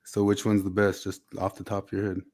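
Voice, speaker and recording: A man co-hosting a casual chat, laughing and steering topics with quick questions. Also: low-pitched, monotone, darkish tone. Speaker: podcast co-host.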